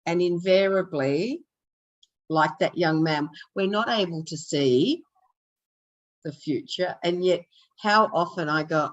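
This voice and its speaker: Slow, reflective woman radio host. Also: deep voice, muffled recording. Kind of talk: casual radio chat.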